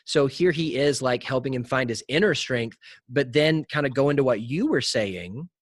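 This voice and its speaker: A man's voice: mid-range voice, normal speed, dry recording, studio quality. A young adult man hosting a podcast, earnestly retelling movie scenes in a casual conversational way. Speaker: podcast host.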